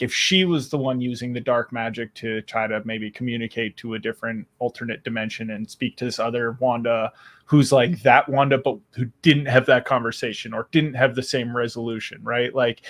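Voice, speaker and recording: A man co-hosting a podcast, talking in long, rambling stretches of analysis with casual swearing. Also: medium pitch. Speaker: podcast co-host. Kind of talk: casual chat.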